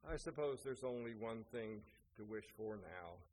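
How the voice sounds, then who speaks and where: A man voicing a poor, hapless woodcutter husband in a plain, halting voice. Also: fairly low pitch, lively intonation, darkish tone, pitched below the performer's own voice, natural voice. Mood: weary. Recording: echoey hall, faint noise.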